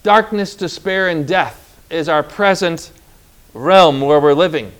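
High-voiced man preaching a sermon. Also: slow pace, fairly bright tone. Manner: emphatic, draws out key words, asks the congregation to repeat.

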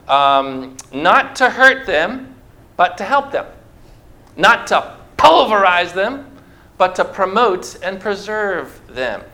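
Bright high-voiced preacher. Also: male voice. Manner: conversational preaching with rhetorical questions and object lessons. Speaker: pastor. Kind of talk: sermon. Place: church before a congregation.

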